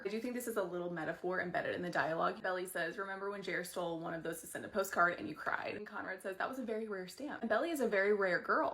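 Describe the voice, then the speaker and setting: A woman giving rapid-fire fan commentary on a TV episode, animated and opinionated, sometimes dropping into whispered asides. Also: mid-range voice, creaky.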